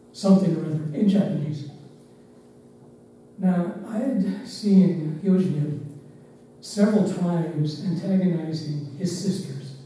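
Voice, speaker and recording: An older man, once a driver and staff member, reminiscing in unhurried, reflective anecdotes with pauses. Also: on the high side, dark tone. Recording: roomy, distant mic, faint background noise.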